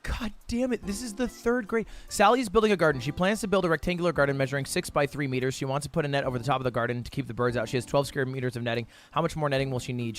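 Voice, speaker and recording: A young man streaming himself solving math drills, reading questions aloud fast, muttering counts and shouting in frustration. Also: medium pitch. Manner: frustrated outbursts, reads questions aloud fast, counts under his breath. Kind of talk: live-stream commentary while solving math problems.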